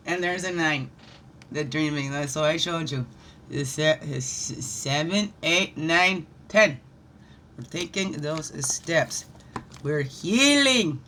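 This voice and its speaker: A woman leading a daily spiritual reflection while pulling oracle cards, animated and encouraging, with playful asides. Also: deep voice, slow pace, slight background noise. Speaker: spiritual guide.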